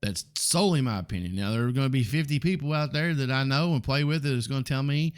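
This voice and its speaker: A man's voice: medium pitch, fast talker. A man in his forties with a Southern US accent, hosting a casual solo podcast and talking in a rambling, blunt way with plenty of ums and the odd curse. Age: 40s. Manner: rambling, blunt, frequent ums and mild swearing. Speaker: podcast host.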